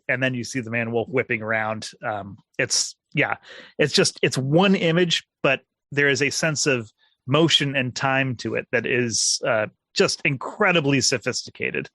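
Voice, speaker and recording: A man guesting on a podcast, talking comic art in a thoughtful, analytical way with halting fillers. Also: medium pitch, pushed and bright, no echo. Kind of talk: casual comic-book discussion.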